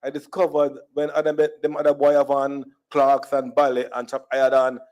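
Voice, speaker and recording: A man's voice: mid-range voice, monotone, moderate pace, darkish tone, dull audio. A man from Jamaica with a Jamaican accent, giving a humorous storytelling speech at a conference and slipping between standard English and Jamaican Creole phrasing. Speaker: conference speaker. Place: conference hall.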